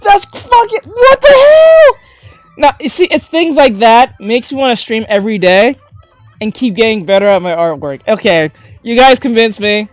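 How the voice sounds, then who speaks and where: A woman art teacher chatting casually on a livestream while drawing, gushing with thanks and breaking into excited shouts. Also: a little high, normal speed, no echo. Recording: faint music behind.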